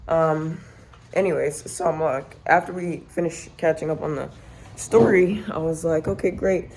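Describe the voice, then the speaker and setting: Young adult female vlogger: creaky, mellow voice, chatty storytime delivery from her home kitchen. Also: sits low, measured pace, low-quality recording. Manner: chatty, rambling, filler-heavy. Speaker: family vlogger. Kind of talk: casual storytime chat. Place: home kitchen while cooking.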